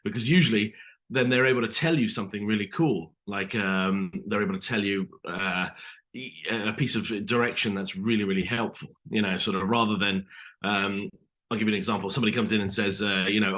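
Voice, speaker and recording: A man's voice: lowish voice, fairly even intonation, fast, fairly bright tone. A British man, an actor, talking through an interview in a loose, hesitant way full of fillers and restarts. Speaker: actor guest. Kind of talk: casual interview chat.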